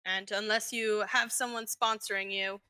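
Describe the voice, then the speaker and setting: A woman's voice: medium pitch, steady tone, normal speed, sharp tone, smooth, dry recording, close to an everyday voice. Woman playing a wary tired bartender. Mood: guarded. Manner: guarded, curt.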